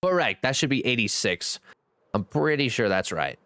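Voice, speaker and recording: A man's voice: very animated, moderate pace, sharp tone, a little hiss or hum. A man streaming a game, chatting casually, reading viewers' messages aloud and thanking them, joking at his own expense. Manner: reads and answers chat aloud, thanks viewers; jokey, self-teasing, swings between high and low pitch. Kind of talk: casual live-stream chat.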